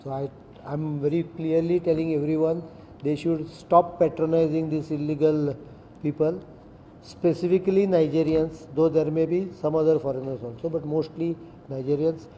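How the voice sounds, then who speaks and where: A middle-aged man with an Indian English accent gives a firm, deliberate press statement as chief minister, reading out legal sections one by one. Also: on the high side, fairly even intonation, mellow, highs cut off. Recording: echoey room, faint background noise.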